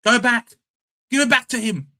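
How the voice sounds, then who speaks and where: A young Australian man hosting a casual live watchalong, calling the game and chatting with viewers, shouting at the big plays. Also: extremely high pitch, moderate pace. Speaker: live stream host.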